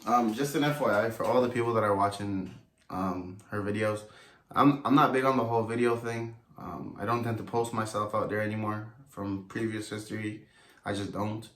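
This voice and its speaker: A young man with a lowish voice talks deliberately and pauses on "um" as he gathers his thoughts. He sits back from the mic, so the room's echo wraps around him. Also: steady tone, fairly bright tone. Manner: deliberate, hesitant with "um". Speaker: vlogger, husband. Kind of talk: casual Q&A chat. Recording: echoey, distant from the mic.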